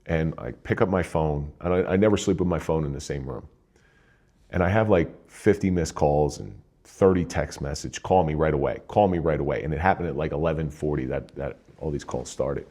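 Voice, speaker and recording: A man's voice: extremely low pitch, normal speed, a little mellow. An older man from New Jersey, a retired police officer, telling a somber personal story in a plain-spoken way.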